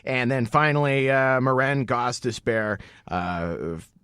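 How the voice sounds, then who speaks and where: A man's voice: medium pitch, measured pace, clean tone, no echo, clean studio sound. A man co-hosting a hockey podcast, chatting casually and joking with a friend. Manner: joking, lively banter. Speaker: podcast co-host. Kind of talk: casual sports chat.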